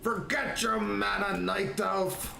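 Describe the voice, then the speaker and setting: A man's voice: high voice, steady tone, slow pace, gravelly, noisy background, voice pushed up, heavily acted. A man voicing a pushy, impatient dwarf paladin from a fantasy game, barking orders in a roomy room.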